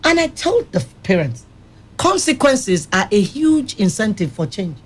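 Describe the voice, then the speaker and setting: A woman with a mid-range, slightly breathy voice swings widely in pitch as she speaks at a moderate pace. She runs a rehab center and, sitting on a radio studio panel, tells firm, vivid stories from her experience.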